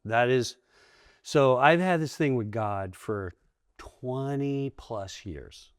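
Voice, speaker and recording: A middle-aged man, a comedian guest, telling candid stories in an interview, animated and acting out the voices of people he quotes. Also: mid-range voice, takes it slowly, clear, resonant tone, no room sound, studio quality. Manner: animated, acts out quoted voices, restarts often.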